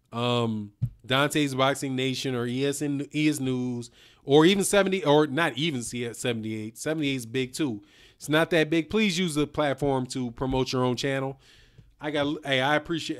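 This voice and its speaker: A man's voice: fairly high pitch, clear, resonant tone. A middle-aged man hosting a boxing live stream, talking bluntly in slang and reading out viewer donations. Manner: blunt, animated slang-heavy talk, reads out super chats. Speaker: boxing channel host.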